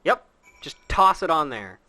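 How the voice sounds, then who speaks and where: A man's voice: fairly high pitch, big pitch swings, unhurried, bright, forceful tone. A man hosting a casual game stream, teasing his co-reader with wisecracks. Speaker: stream host.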